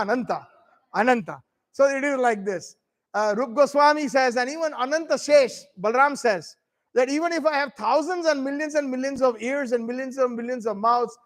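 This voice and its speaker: Temple preacher, male, very high-pitched, storytelling sermon with halting restarts. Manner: devotional storytelling with quoted dialogue; frequent fillers and restarts, addresses audience directly. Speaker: speaker at temple festival. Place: temple hall.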